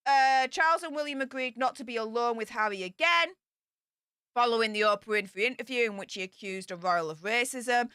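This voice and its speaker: Woman chatting through royal gossip, emphatic, crisp smooth voice, dry sound. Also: sits high, animated, moderate pace, pushed and bright, no room sound. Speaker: royal news commentator. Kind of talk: casual commentary reading news points.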